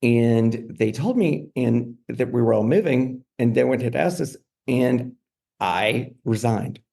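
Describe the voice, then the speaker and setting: A man's voice: mid-range voice, slow, creaky, dark tone. A middle-aged man telling a candid story as a podcast guest, with many "like" and "you know" fillers.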